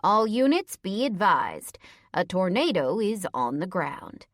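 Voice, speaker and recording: A woman reading an audiobook, voicing a calm older police dispatcher who speaks in a flat, measured monotone. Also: medium pitch, no echo, studio quality. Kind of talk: audiobook character voice.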